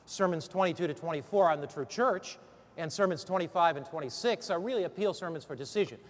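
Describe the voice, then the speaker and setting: A man's voice: on the high side, quick pace. A man coaching preachers through a sermon series, then preaching the text with rousing call-and-response questions. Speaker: preacher training other preachers. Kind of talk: sermon-preparation instruction turning into preaching. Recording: long hall reverb.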